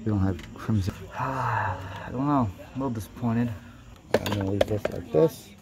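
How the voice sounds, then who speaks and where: A man who collects toys, giving casual running commentary with quick, blunt verdicts and casual swearing while shopping in a toy store. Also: on the low side. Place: busy toy store, indoors. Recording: crowded store noise behind.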